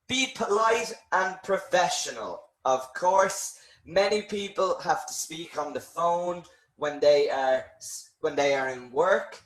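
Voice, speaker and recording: A man teaching English online, spelling out each point at a very unhurried pace. His voice sits somewhat high, and he keeps checking in with a quick "okay". The sound carries a noticeable room echo. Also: fairly bright tone. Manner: slow, clear explaining with frequent "okay". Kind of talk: online English lesson webinar.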